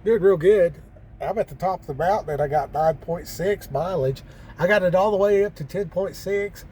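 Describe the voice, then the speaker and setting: A man's voice: high voice, normal speed, darkish tone, a little hiss or hum. A man telling rambling, folksy stories in a drawling country way, full of fillers and restarts, for his vlog from a truck cab parked up on a mountain pass. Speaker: truck driver vlogger. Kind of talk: casual storytelling vlog.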